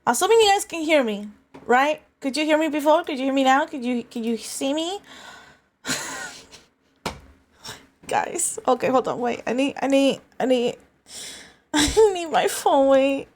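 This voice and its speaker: Speaking a little slowly and pausing often, a young streamer rants in frustration during casual livestream chat at a desk mic. Her high voice is expressive, and she swears and stumbles through restarts.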